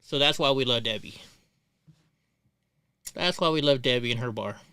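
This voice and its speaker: Middle-aged male stream host: rambling, profane storyteller, bright crisp tone, dry close sound. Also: mid-range voice, moderate pace, dry recording. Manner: rambling, profane, many restarts. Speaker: livestream host. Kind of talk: casual storytelling on a livestream.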